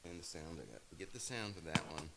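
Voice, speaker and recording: Deep-voiced rambling man, chatty. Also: fast talker, sharp tone, big-room sound. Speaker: musician live-streaming. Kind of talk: casual live-stream chat.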